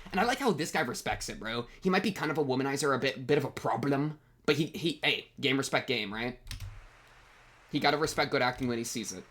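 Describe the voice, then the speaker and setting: A young man hosting an anime reaction, talking in casual, gushing commentary and throwing in "bro" constantly. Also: mid-range voice. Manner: excitable, gushing, peppers speech with "bro".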